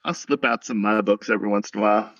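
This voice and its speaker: A man's voice: fairly low pitch, fast, a bit bright, far from the mic, muffled recording. A man co-hosting a film podcast, offering short, wry, skeptical comments. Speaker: podcast co-host. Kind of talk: casual film discussion.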